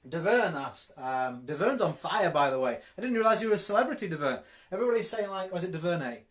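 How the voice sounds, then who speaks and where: Yorkshire guy coaching on a live stream, slightly high voice, punchy and direct, doubles up words. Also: expressive, fast. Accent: Yorkshire English. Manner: direct, emphatic, repeats words for stress. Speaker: network marketing coach.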